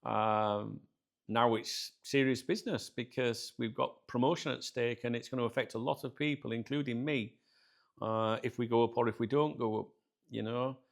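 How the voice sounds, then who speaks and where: British man, gravelly voice, middle pitch, chatty storytelling, laughs a lot. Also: moderate pace. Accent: British English. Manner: chatty, animated, laughs often, addresses viewers as guys. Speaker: channel host. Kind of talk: casual storytelling to viewers.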